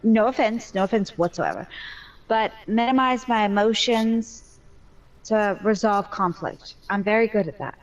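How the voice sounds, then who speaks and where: A woman's voice: mid-range voice, a little slow, muffled recording. A mother telling her story in a casual voice chat, candid and talkative with a joking streak.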